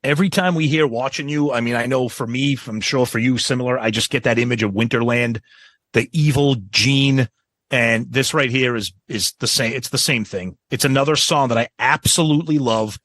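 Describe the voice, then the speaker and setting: A man's voice: medium pitch, fairly bright tone, no room sound. A man co-hosting a podcast, chatting enthusiastically about a live album, often repeating words as he talks. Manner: enthusiastic, repeats words, quick agreeing interjections. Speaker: podcast co-host. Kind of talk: casual music review chat.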